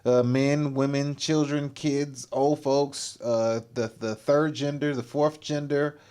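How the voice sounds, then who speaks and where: A man's voice: mid-range voice, steady tone, slow, a little mellow, clean tone. A man hosting a livestream, giving casual, exclamatory reaction commentary and laughing often. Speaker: livestream host.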